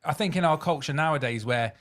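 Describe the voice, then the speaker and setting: A man's voice: on the high side, quick pace, fairly bright tone. A man hosting a casual chat, speaking reflectively and affirming his guest. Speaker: podcast host.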